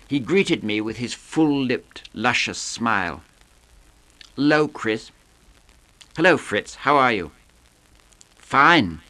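A man reading a novel aloud in a measured, understated narration. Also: medium pitch, bright, forceful tone. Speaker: reader.

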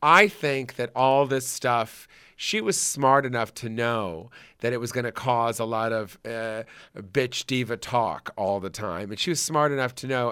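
A man hosting casual commentary, chatty and animated, laughing as he talks. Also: mid-range voice.

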